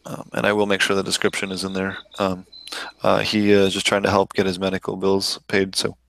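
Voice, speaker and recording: A man's voice: sits low, completely flat delivery, a little fast, vocal fry, fairly bright tone. A man hosting a podcast in casual chat, ranting freely and swearing often. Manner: profane, ranting, loose and talkative. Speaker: podcast host.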